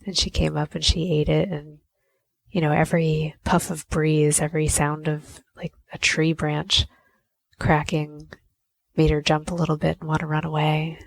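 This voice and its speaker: A woman's voice: low-pitched, level tone, normal speed, vocal fry, no echo. A woman podcast host telling a personal story in a conversational way, often saying "you know.".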